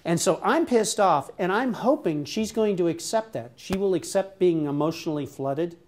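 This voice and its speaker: A man's voice: high voice, normal speed, a little hiss or hum. A man giving a seminar talk as a visiting professor, talking casually and freely, swearing and acting out heated exchanges. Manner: animated, acts out quarrels with sudden loud outbursts. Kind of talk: academic seminar discussion.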